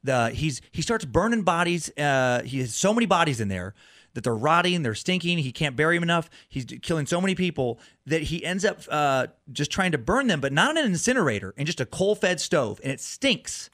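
Fairly high-voiced man telling a story. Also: very animated, fairly quick, fairly bright tone, no echo, clean studio sound. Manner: rambling, with many restarts and repeated words. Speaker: comedian and podcaster guest. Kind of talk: animated true-crime storytelling.

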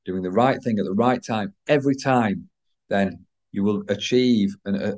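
A man with a croaky voice talking to listeners as a business coach, earnest and repetitive. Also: fairly low pitch, moderate pace, a little mellow, lo-fi sound. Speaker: podcast host, business coach. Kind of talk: solo talk to listeners.

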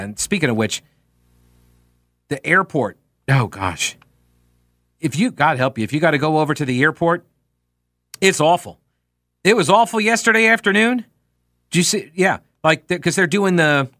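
A man's voice: fairly high pitch, pushed and bright, no room sound, clean studio sound. Sarcastic ranting man on talk radio. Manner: sarcastic, ranting, many fillers. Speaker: radio talk show host. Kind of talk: casual talk radio monologue. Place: radio studio. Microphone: studio microphone.

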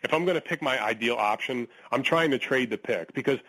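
Animated male radio caller. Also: mid-range voice, fairly quick, poor audio. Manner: animated, stumbling, opinionated. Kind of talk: sports radio call-in.

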